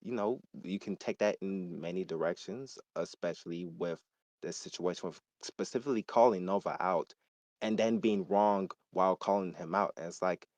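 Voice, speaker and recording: A man's voice: low voice, moderate pace, darkish tone, no room sound. A man ranting heatedly and emphatically in a casual gaming discussion.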